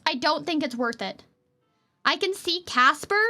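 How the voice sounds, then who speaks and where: A young adult woman streaming as a VTuber, chatting casually and playfully with her chat in quick jokey asides. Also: sits high, expressive, pushed and bright, faint music behind.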